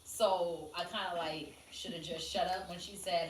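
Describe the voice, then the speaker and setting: A woman co-hosting a podcast, telling animated stories in casual chat and swearing freely. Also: on the low side, brisk. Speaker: podcast co-host. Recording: echoey room, mic at a distance.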